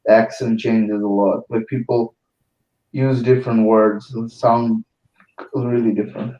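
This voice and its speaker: Man, halting podcast chat. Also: on the low side, flat delivery, dark tone, reverberant, lo-fi sound. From Bangladesh. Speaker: podcast co-host.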